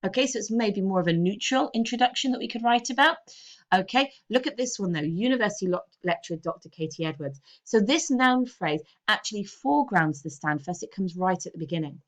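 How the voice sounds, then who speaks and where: A woman's voice: mid-range voice, lively intonation, brisk, highs cut off. A woman English teacher giving a recorded lesson, explaining step by step and often checking in with her students.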